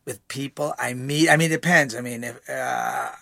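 A man guest in a casual conversation, talking in an animated way with many repeated words and restarts. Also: medium pitch, moderate pace, creaky, no room sound, studio quality.

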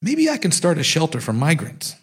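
A man's voice: a little high, huge pitch swings, brisk, slightly rough, voice pushed up, heavily acted. A man doing a cocky streetwise tough guy. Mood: musing. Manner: cocky street slang, defensive. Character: brash swaggering big tough young man.

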